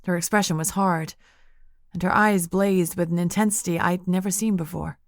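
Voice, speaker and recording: A woman reading first-person narration of an audiobook in a measured, intimate way. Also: on the low side, fairly even intonation, dry recording, studio quality.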